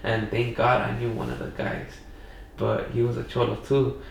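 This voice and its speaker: A man's voice: medium pitch, flat delivery, normal speed, gravelly, a little hiss or hum. A young man from Los Angeles, a podcast guest telling a story in a rambling way, full of "you know" and "like". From Pacoima, Los Angeles. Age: young adult. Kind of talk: casual storytelling. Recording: echoey room, mic far off.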